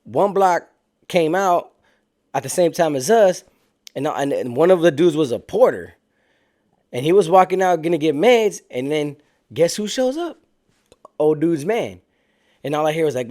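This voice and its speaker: A man's voice: fairly high pitch, expressive, moderate pace, a little mellow. A man casually telling a story in street slang, animating it by acting out what other people said. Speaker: storyteller recounting prison life.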